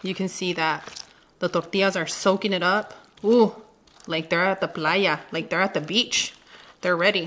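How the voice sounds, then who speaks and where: A woman's voice: fairly low pitch, steady tone, normal speed, a bit bright. Home cooking host, woman, 30s, playful and chatty, tosses in Spanish words. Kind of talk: casual cooking demonstration. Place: home kitchen.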